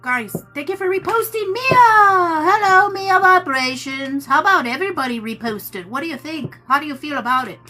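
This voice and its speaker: A woman's voice: high voice, expressive, moderate pace, few pauses, pushed and bright, faint music behind. A woman hosting a live tarot stream, talking casually with viewers in a chatty, teasing way and calling them "my love.".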